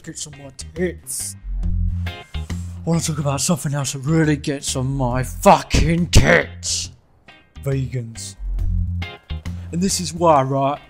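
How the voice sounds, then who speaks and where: Young bloke ranting and swearing, bit high voice, faint music behind. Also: male voice, slow pace, pauses often. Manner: crude, sweary, mocking impressions, bursts into shouting. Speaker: gaming channel ranter. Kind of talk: comedic rant.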